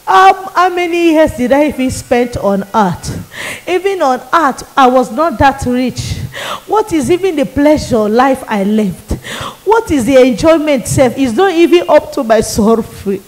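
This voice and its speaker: High-voiced impassioned evangelist woman. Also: expressive, a little slow, poor audio. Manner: emotional and pleading, often rising to shouts. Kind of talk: impassioned testimony sermon.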